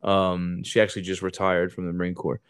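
Laid-back man telling a loud war story. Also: deep voice, fairly quick, clean tone, no echo. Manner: animated, swearing, acts out quotes in raised voices. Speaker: podcast host. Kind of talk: casual storytelling.

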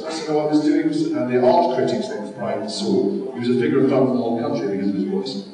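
A man's voice: medium pitch, quick pace, mellow. A man telling rambling, self-mocking stories as a guest on a convention panel, often breaking into laughter. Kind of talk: anecdotal storytelling. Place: large convention hall. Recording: echoey hall from far off.

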